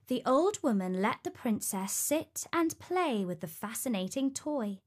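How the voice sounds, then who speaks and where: A woman narrating a fairy tale in a storybook reading, with an expressive, unhurried manner. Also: a little high.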